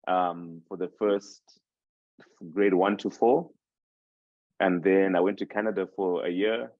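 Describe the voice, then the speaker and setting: A man's voice: sits low, a little mellow, dry recording. A man in his twenties from Zimbabwe, a native Shona speaker, reflecting on his life in a casual podcast interview, rambling and restarting his sentences. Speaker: podcast host interviewed as guest. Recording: dull dry sound.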